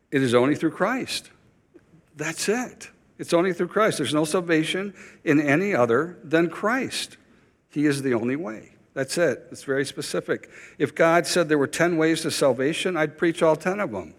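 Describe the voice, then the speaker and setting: A man's voice: fairly high pitch, lively intonation, measured pace, big-room sound. A man preaching a sermon as pastor, urgent and emphatic, repeating key phrases for weight.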